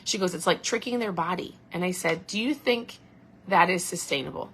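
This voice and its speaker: A woman hosting a casual livestream, chatting in an animated way about nutrition and reading viewer comments aloud. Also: on the low side, fairly quick, slight background noise. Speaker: keto coach and livestream host.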